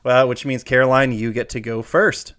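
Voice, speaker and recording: A man hosting a trivia game, reading questions aloud and drawing out the verdicts. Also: mid-range voice. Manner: lively, drawn-out emphasis on answers. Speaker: quiz host.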